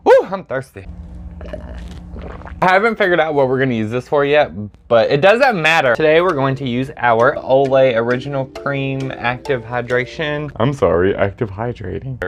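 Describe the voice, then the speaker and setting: Guy doing a makeup vlog at home on his phone, super animated voice jumping all over, dramatic and sassy. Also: mid-range voice, normal speed. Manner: excitable, dramatic squeals and sassy asides. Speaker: makeup vlogger. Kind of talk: casual makeup review chat. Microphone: phone camera.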